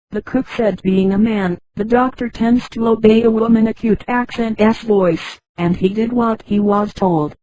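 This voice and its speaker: A woman's synthetic voice narrating a sci-fi story in an even, flat reading that reads punctuation marks aloud. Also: on the high side, unhurried, hardly any pauses, no echo, low-quality recording.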